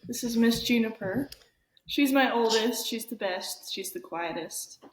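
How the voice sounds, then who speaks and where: Young woman, twenties, faint Southern accent, relaxed and casual, echoey room. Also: fairly high pitch, unhurried, slight background noise. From Arkansas, US South. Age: 20s. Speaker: guest. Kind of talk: casual chat.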